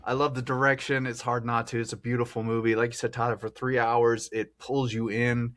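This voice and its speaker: This podcast host's fairly bright, mid-range voice shows little pitch movement, and he speaks a little fast. He laughs often while casually rambling through a film.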